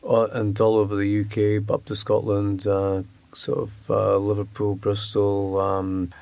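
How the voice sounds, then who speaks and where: A man answering interview questions in a hesitant way, with many pauses and fillers. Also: on the low side, monotone, vocal fry, darkish tone, no echo. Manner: hesitant, lots of uh and um. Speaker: author guest.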